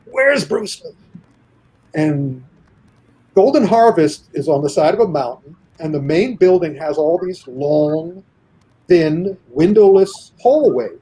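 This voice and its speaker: A man telling an animated anecdote in a casual podcast chat, acting out the voices of the people he quotes. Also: a little high, husky, rough recording. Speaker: guest storyteller.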